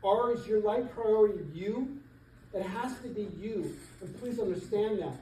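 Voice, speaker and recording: A middle-aged man, a real estate coach, giving an animated motivational seminar talk to an audience in a church hall. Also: high-pitched, normal speed, slight background noise. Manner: emphatic, animated, laughs between points. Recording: echoey hall, voice from far off.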